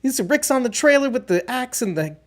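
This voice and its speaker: A man's voice: very high-pitched, sing-song, brisk. A man hosting a casual podcast, rambling and correcting himself as he goes and laughing often. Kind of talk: casual chat.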